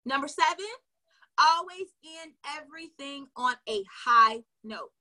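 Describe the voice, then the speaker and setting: A woman sales coach giving an energetic, casual live training from her home. She talks straight to her viewers and says y'all. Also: sits high, measured pace, poor audio. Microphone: livestream on a video call platform.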